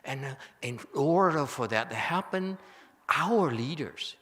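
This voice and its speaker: A man's voice: medium pitch, expressive, moderate pace, a bit bright. A man who is a Buddhist monk giving a Dharma lecture, emotional and joking, with many restarts. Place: temple lecture hall. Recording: long hall reverb.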